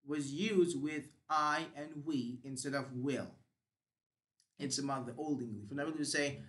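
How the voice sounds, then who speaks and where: A man's voice: mid-range voice, measured pace, a bit bright. A man teaching English grammar, explaining step by step with examples and the odd "uh".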